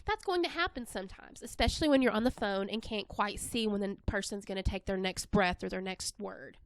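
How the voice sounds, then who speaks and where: Smooth-voiced woman presenting a webinar. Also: mid-range voice, a little fast, dry recording. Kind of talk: scripted instructional narration.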